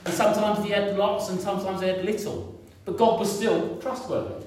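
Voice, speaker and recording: A man's voice: high voice, steady tone, fairly quick, darkish tone. A man in his fifties preaching a sermon in a conversational way, repeating points and asking the congregation questions. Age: 50s. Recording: echoey room, picked up from a distance.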